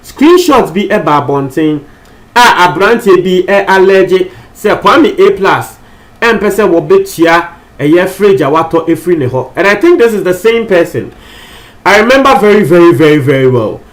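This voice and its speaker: A man's voice: high-pitched, animated, moderate pace. A Ghanaian man presenting entertainment news in a chatty, casual way, switching between languages and repeating phrases for emphasis.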